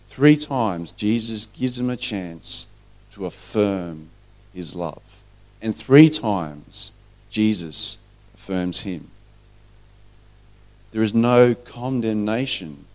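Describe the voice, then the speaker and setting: A man preaching a sermon, telling a story earnestly and acting out the quoted lines. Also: medium pitch.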